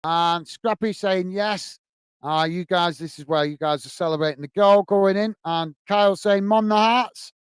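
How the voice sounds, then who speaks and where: A man's voice: high-pitched, moderate pace, clear, resonant tone, no room sound. A man from the UK hosting a live football fan stream, reading out viewer messages, thanking people by name and calling them mate, now and then flustered by his lagging computer. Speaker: host reading live chat. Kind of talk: casual live-stream chat.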